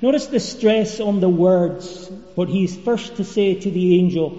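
A man preaching a sermon in a measured, expository way, with occasional fillers. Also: sits high, warm tone. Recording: dull echoey church hall recording.

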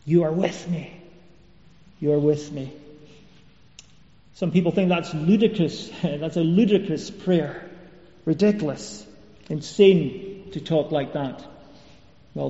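A man's voice: on the high side, mellow. A man preaching a sermon, earnest and repeating key phrases for emphasis. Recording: echoey hall, dull lo-fi sound.

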